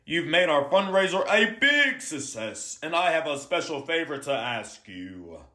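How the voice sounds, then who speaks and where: A man reading the lines of a gracious town mayor in a picture book. The delivery is formal and courteous, slow and clear. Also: a little high, sing-song, bright, forceful tone, reverberant, heavily acted. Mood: polite. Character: friendly grown male town mayor.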